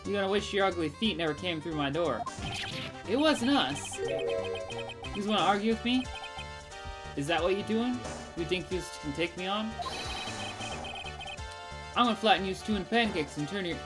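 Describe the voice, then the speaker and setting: A woman voicing a gruff, menacing male loan-shark boss who blusters threats, with game music behind. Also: on the low side, lively intonation, moderate pace, long pauses, lightly acted.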